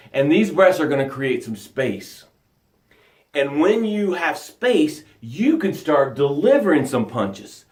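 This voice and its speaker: A man's voice: fairly high pitch, reverberant. A man speaking as a success coach on a live motivational broadcast, impassioned and rhythmic, repeating key phrases. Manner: drops to a soft hushed voice when guiding breaths. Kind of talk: motivational livestream talk. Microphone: webcam broadcast mic.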